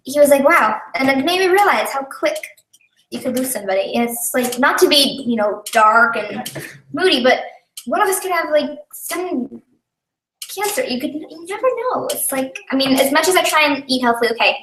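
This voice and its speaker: A woman's voice: sits high, expressive, normal speed, a bit bright, slight background noise. A young woman chatting casually on a live stream, rambling and giggly with lots of fillers, recorded at home. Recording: echoey room, a bit far from the mic.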